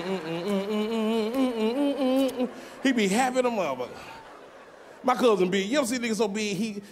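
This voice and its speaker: A man doing stand-up comedy on a big theater stage, talking loudly and often shouting his punchlines. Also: very high voice. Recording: live theater show, loud crowd and noise.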